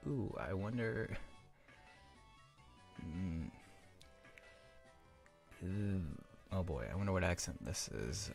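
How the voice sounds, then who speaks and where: A man's voice: low-pitched, expressive, takes it slowly, long pauses, faint music behind. A young man hosting a let's play, chatting casually and rambling with lots of fillers and self-mocking asides. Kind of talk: casual gameplay commentary.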